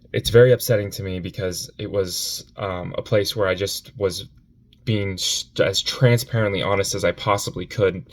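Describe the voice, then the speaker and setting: Upset man, halting, low-voiced. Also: creaky. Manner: halting, repeating himself, with sighs. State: upset and near tears. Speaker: vlogger. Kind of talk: personal confessional vlog. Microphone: phone.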